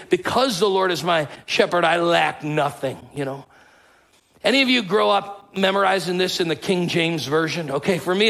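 Gravelly-voiced man preaching a sermon. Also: sits high, fairly bright tone, low-quality recording. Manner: conversational preaching, calls out to the congregation. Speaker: pastor.

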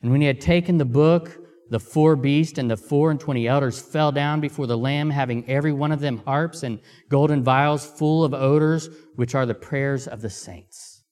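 A man preaching a sermon, reading scripture aloud and pausing to ask the congregation questions, with Amharic as his first language. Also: mid-range voice, a little mellow. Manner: slow, deliberate pacing with emphatic pauses. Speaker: missionary preacher.

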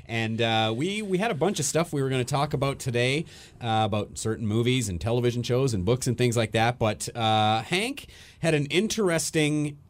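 A man hosting a podcast, a film critic, talking in a relaxed conversational way with some filler words. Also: mid-range voice, moderate pace. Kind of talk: casual chat.

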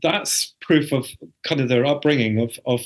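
Appearing as a guest on his spouse's podcast, a middle-aged man speaks at normal speed with a medium-pitched voice. In casual chat he's a chatty storyteller who performs family dialogue.

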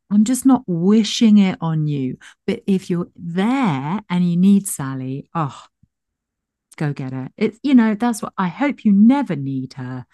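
Woman podcast host, effusive and chatty, low-pitched, dry close sound. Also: dry recording. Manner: warm, gushing, chatty, self-deprecating. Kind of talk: casual chat and show outro.

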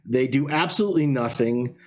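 A man telling a story in casual chat, animated, with some swearing. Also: medium pitch, a little fast. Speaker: podcast guest. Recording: lo-fi sound.

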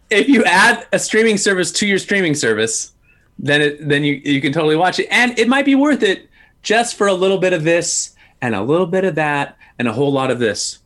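A man hosting a podcast, telling stories in an animated, laughing way with lots of restarts. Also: fairly high pitch, fairly quick. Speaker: podcast host. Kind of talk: casual storytelling chat.

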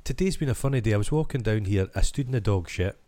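A man's voice: lowish voice, lively intonation, quick pace, warm tone. A man co-hosting a podcast, chatting casually and cutting in with wry, teasing questions. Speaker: podcast co-host. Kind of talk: casual chat.

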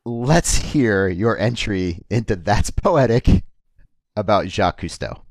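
A man co-hosting a comedy podcast, introducing segments in a mock-formal, deadpan way. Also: on the low side, takes it slowly, no room sound. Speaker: podcast co-host.

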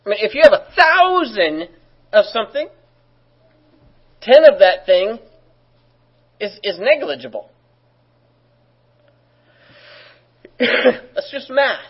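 Speaking extremely slowly with long pauses, a male pastor delivers a relaxed sermon, conversational in tone and dotted with jokes. His voice runs slightly high and husky, and the lo-fi recording sounds rather dull.

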